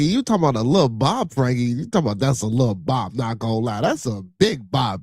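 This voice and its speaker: A man's voice: medium pitch, animated, a little fast, few pauses, darkish tone, dry recording, studio quality. A middle-aged man from Chicago hosting a live podcast, chatting loosely with viewers, laughing, swearing and repeating himself. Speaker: podcast host. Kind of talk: casual live-stream chat reading viewer comments.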